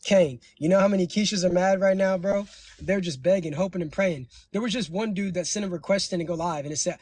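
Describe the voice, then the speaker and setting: Fast-talking preachy man hosting a stream. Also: high-pitched, a little mellow. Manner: preachy, lecturing, slangy. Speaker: livestream host. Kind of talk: casual livestream talk.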